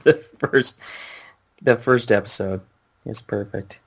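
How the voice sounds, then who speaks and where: A man's voice: lowish voice, takes it slowly, husky. A man co-hosting a casual podcast chat, wry and joking, with lots of short agreements. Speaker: podcast co-host.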